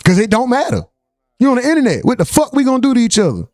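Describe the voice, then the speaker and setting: A man's voice: very high-pitched, huge pitch swings, very fast, a little mellow, no echo, studio quality. A man hosting a live stream, chatting loosely with plenty of profanity and greeting viewers in the chat by name. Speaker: livestream host.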